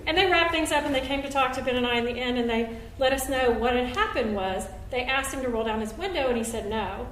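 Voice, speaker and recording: A high-voiced woman tells a true story live on stage. She acts out each quote with sudden jumps in pitch and volume. Her sharp, bright voice carries through an echoey venue, caught from some distance with faint room noise behind it. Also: fast, few pauses. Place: stage at a benefit show.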